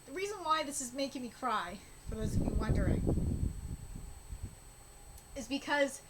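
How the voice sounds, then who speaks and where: High-voiced woman streamer, emotional. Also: expressive, background noise. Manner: emotional, halting, many restarts. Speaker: streamer reacting to manga. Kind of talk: live reaction stream.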